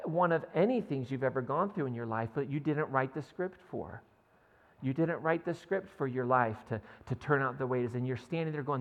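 A man's voice: mid-range voice, big-room sound. A man preaching a sermon in a conversational way, often checking in with his listeners and reading scripture aloud. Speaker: pastor. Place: church sanctuary.

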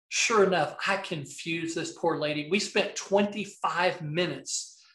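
His voice is high and his pace moderate, heard in an echoey room. This middle-aged Southern video marketing coach, a podcast guest, rambles through animated anecdotes in a casual interview, frequently starting over.

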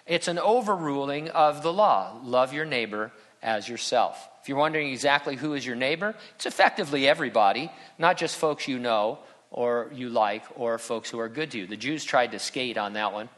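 Middle-aged man, pastor preaching, bright forceful voice, long hall reverb. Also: mid-range voice, moderate pace, hardly any pauses. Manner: conversational, humorous, emphatic. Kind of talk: sermon.

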